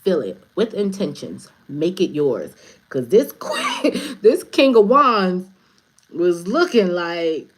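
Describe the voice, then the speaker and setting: Woman, slightly low voice, spiritual advisor type, casual livestream tarot reader, blunt and preachy. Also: sing-song, slow pace. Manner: blunt, profane, emphatic; preachy, repeats phrases for stress.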